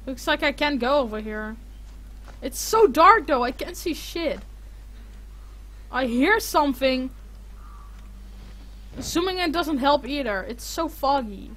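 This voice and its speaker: Her voice high-pitched and a little bright, a woman streaming a horror game let's play panics, swears, and talks to herself under her breath as she plays.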